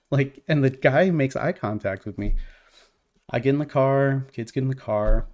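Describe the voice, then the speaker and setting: A man's voice: mid-range voice, normal speed, darkish tone. A man co-hosting a podcast, telling a heated story in casual, profane chat. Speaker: podcast co-host.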